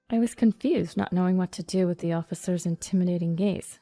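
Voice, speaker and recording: A woman narrating a first-person story in an even, storytelling read. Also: lowish voice, a little fast, hardly any pauses, no room sound. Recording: dry studio voice-over over soft music.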